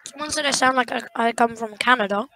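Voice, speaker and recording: A British woman chatting in a loose, rambling way, her voice a little high. She talks playfully and casually, co-hosting the recording. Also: fast, pushed and bright, poor audio. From Britain. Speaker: co-host. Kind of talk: casual chat.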